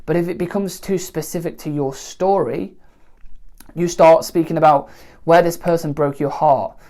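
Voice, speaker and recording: A woman teaching songwriting in a relaxed, conversational way, often pausing to check in with the listener. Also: low voice. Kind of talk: spoken songwriting lesson to camera.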